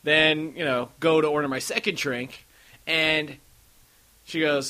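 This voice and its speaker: A man's voice: fairly high pitch, normal speed, pushed and bright. A man hosting a casual podcast, rambling through stories and acting out what others said. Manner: rambling storyteller, acts out quotes. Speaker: podcast host.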